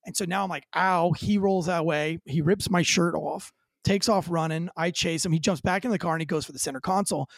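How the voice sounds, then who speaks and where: Gravelly, high-pitched energetic storyteller man. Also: fairly quick, dry recording. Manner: high-energy, vivid storyteller acting out quoted lines. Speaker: guest, former police officer. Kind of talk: animated storytelling interview.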